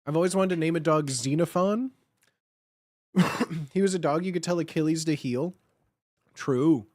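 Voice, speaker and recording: High-voiced rambling male streamer. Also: normal speed, pauses often, a little mellow, no echo, clean studio sound. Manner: rambling, full of "like" and restarts; playful and jokey. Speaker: livestream host. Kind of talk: casual livestream chat with viewers.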